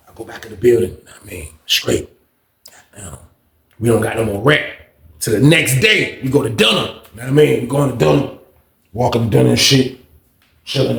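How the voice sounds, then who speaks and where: A young man casually retelling a story in a slangy, profane, animated way. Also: medium pitch, vocal fry. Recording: roomy echo.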